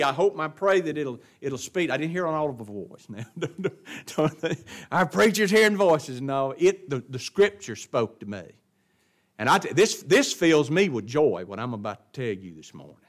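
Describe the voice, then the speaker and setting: Emphatic preacher, man, higher voice. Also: sing-song, normal speed. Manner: swings between loud emphatic stresses and soft asides; asks the congregation questions. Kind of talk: sermon.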